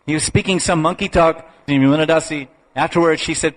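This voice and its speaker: Man giving an unhurried devotional lecture. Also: on the high side, poor audio. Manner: unhurried, halting storyteller with restarts and soft laughs. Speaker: spiritual lecturer.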